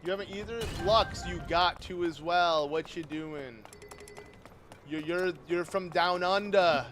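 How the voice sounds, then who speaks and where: A young man streaming a game, chatting casually and rambling as he answers his viewers, with sudden loud outbursts. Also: sits high, measured pace. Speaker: livestreamer playing a game. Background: game music.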